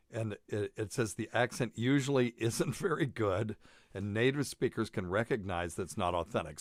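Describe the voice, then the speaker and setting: A man's voice: fairly low pitch, dry recording, studio quality. A man hosting a casual medical talk show, rambling and joking, often laughing at his own lines. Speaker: podcast host, doctor. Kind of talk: casual chat.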